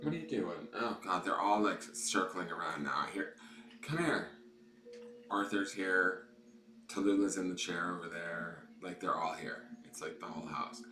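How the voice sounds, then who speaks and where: Deep-voiced man rambling in an echoey room. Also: lively intonation, a little slow, sharp tone. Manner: rambling, chatty, swears casually. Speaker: tarot reader hosting live readings. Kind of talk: casual livestream chat with viewers. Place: at a desk at home. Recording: echoey room with clear background noise.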